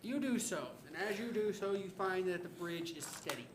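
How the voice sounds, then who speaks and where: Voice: mid-range voice, lively intonation, normal speed. A game master narrating a homebrew tabletop game, joking and laughing often. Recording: echoey room with background noise.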